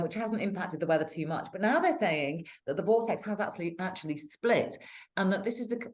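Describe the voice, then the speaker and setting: A British woman co-hosting a casual weather chat, talking in a chatty, rambling way and laughing often. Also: fairly low pitch. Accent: British English. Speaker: weather show co-host.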